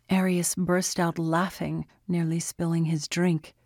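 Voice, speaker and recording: A woman with a fairly low voice narrates an audiobook from a script, telling the story in a measured, even manner. The studio-quality recording has no room sound.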